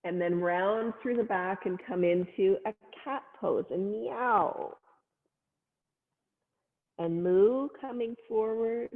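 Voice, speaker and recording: A woman yoga instructor leads a family class with gentle, playful cues and little animal noises. She speaks slowly at a middling pitch. The sound is thin and phone-like, with a long reverb trailing behind.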